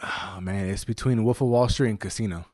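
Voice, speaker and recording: A man co-hosting a casual podcast, talking in a relaxed way and swearing casually. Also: lowish voice, brisk, no room sound, clean studio sound. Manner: laid-back, swears casually. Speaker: podcast co-host.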